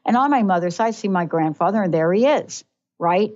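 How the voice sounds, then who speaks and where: A woman hosts a talk radio show in a reflective, conversational way, often checking in with her guest. Her voice sits at a middle pitch. The recording is a bit dull and lo-fi. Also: lively intonation, fairly quick, a little mellow. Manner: reflective, keeps asking "right?". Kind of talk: casual radio chat. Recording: slightly dull lo-fi sound.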